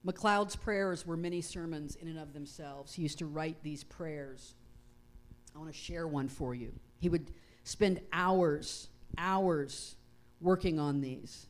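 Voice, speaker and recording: A woman pastor giving a conversational sermon, reading prayers slowly and reflectively. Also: sits low. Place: church sanctuary.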